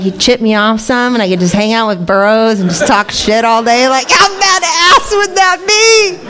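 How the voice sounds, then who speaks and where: A middle-aged woman speaking at a recovery meeting, candid and laughing often as she tells her story. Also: medium pitch. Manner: candid, laughing, swearing freely. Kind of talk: personal recovery talk. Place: meeting room.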